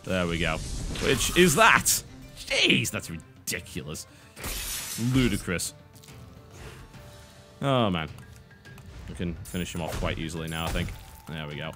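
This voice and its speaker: A British man talks over gameplay in a dry, sardonic tone, poking fun at himself. His pitch swings widely as he goes, and faint game music sits under the voice-over. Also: very animated, normal speed, long pauses, sharp tone. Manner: dry, sardonic, self-mocking. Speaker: game reviewer.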